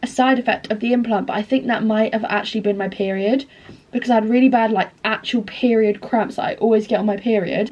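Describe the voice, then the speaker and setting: A woman's voice: mid-range voice, lo-fi sound. A young woman talking straight to camera in a casual vlog, rambling candidly between topics with sardonic asides and plenty of swearing. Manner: animated, jumps between topics. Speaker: vlogger.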